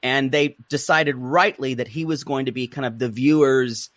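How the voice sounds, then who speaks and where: A man's voice: medium pitch, moderate pace, dry recording. A man hosting a podcast in a gossipy, campy casual chat, often restarting his sentences. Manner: animated, campy and gossipy, repeats words when starting. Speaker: podcast host.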